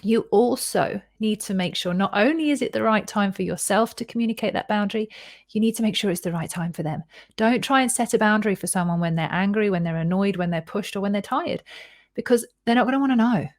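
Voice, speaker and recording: A woman personal responsibility coach giving a calm, instructive talk that lays out points step by step. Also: mid-range voice, brisk. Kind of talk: recorded live-event talk.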